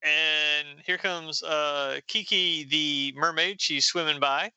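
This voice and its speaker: A man's voice: on the high side, steady tone, takes it slowly, sharp tone, clean tone, no echo, rough recording. A man casually recapping a comic book issue, reading the characters' lines aloud in playful raised voices.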